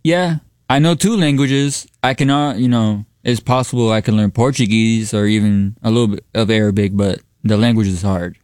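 A man co-hosting a radio show, bilingual with Spanish, talking in a laid-back, halting way with frequent restarts. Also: on the low side, fairly even intonation, a little mellow, clear, resonant tone, no room sound, studio quality. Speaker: radio co-host. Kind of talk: casual radio banter.

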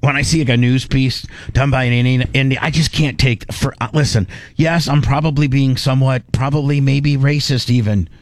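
A man's voice: medium pitch, fairly even intonation, a little fast, few pauses, dry recording, clean studio sound. A man hosting a casual podcast chat, rambling and stumbling through restarts. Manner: rambling, full of restarts and stammers. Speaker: host.

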